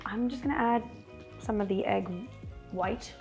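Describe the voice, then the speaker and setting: A woman's voice: mid-range voice, unhurried, a little mellow, faint music behind. A woman hosting a cooking show in her home kitchen, chatty and wry as she talks through each step. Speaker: cooking channel host. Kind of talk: casual cooking demonstration.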